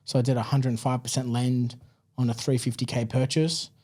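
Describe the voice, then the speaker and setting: An Australian man talking easily as a podcast guest, sharing a long personal story. His voice is mellow and warm, and his talk runs loose and chatty, full of "like" and "man". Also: mid-range voice, a little fast. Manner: relaxed, chatty, many fillers like "man" and "like". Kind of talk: casual interview storytelling.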